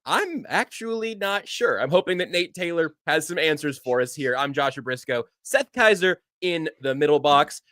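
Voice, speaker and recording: Male podcast host, slightly high voice, quick and wry, dry close mic. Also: lively intonation, pushed and bright, no echo. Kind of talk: fast, joking sports podcast chat.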